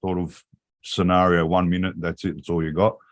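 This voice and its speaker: A man's voice: low voice, flat delivery, fairly quick. Swearing, laughing man on a stream. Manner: swears constantly, laughs often, says mate. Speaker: livestream co-host. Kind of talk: casual chat.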